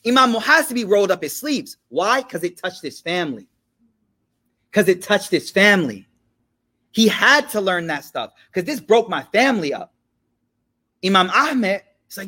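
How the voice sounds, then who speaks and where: A man giving a relaxed religious lesson, telling a story in slangy everyday talk and often checking that his listeners follow. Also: sits high, normal speed. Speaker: religious teacher. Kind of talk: casual storytelling lecture.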